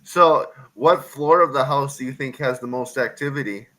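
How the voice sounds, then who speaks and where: A man co-hosting a podcast, asking relaxed questions and giving short affirmations. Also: medium pitch, normal speed, poor audio. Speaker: podcast co-host. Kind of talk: casual interview chat.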